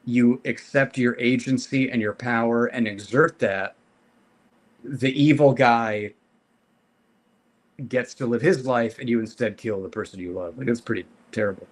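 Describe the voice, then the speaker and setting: A man co-hosting a casual podcast, talking through a comic's story in a measured, analytical way with some hesitations. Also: mid-range voice. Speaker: podcast co-host. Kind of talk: casual comic book discussion.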